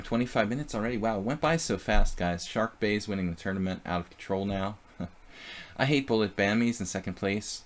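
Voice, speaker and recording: A man's voice: fairly low pitch, fairly quick. A man streaming live chess, thinking aloud about his moves and chatting casually with viewers.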